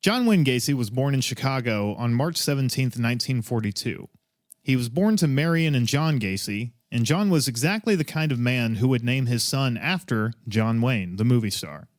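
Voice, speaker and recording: A man co-hosting a comedic true-crime podcast, sardonic and profane as he tells a dark story and mock-scolds the audience. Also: mid-range voice, expressive, normal speed, no echo, clean studio sound. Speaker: podcast co-host telling the story.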